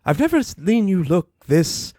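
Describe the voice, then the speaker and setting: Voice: mid-range voice, sing-song, warm tone, no echo, studio quality. A podcaster putting on Rarity, posh and fussy. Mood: posh fussing. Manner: posh, drawn-out, theatrical. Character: elegant fussy female pony fashion designer. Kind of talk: reading cartoon dialogue aloud.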